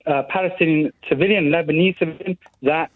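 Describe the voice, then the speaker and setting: A man's voice: a little high, steady tone, fairly quick. A man calling into a radio show, agitated and stammering, repeating words as he argues. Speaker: caller. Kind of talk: radio phone-in call. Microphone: phone line. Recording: tinny phone line.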